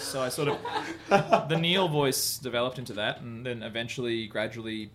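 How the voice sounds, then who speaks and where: A comedian guesting on a podcast in a bar venue talks candidly, rambling and self-deprecating, restarting often and swearing now and then. His voice is mid-range at a moderate pace, and crowd noise can be heard.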